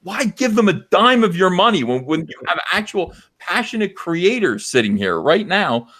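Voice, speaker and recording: Loud, impassioned man ranting on a livestream. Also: high voice, big pitch swings, moderate pace. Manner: loud, impassioned, mocking impressions. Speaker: livestream host. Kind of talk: heated livestream rant.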